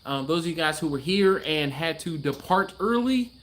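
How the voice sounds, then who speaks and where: A man's voice: on the high side, lively intonation, moderate pace, fairly bright tone. A man hosting a casual livestream from his garage, chatting loosely and reading out viewer comments with easy laughs. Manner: laid-back, chatty, laughs often, trails off. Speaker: livestream host. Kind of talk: casual live-stream chat reading comments.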